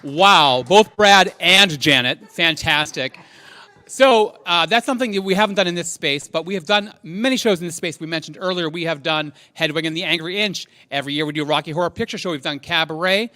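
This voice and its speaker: Man hosting a live benefit show, high voice, dry close sound, upbeat, lots of uhs. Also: quick pace, hardly any pauses, bright, forceful tone, no echo. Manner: upbeat, introducing acts with fillers. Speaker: host of a live fundraiser stream. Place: lounge venue.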